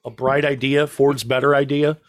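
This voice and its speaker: A middle-aged man chats as a podcast co-host, drifting through long anecdotes and slipping deadpan jokes in. His voice sits at a middle pitch. The sound is dry and close to the mic. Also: normal speed, dry recording. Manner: rambling storyteller, joking deadpan. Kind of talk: casual chat.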